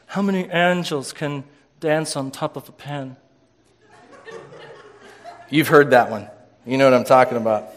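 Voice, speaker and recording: A man preaching an informal sermon in a church room, casual and joking with many restarts. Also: medium pitch.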